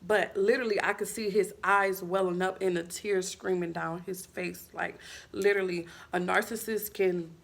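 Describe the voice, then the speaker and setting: A woman's voice: on the low side, fairly even intonation, normal speed, gravelly, a bit bright. A woman vlogger talking casually and bluntly to camera, full of fillers and frank swearing. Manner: candid, filler-heavy, blunt with profanity. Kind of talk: casual vlog talk to camera.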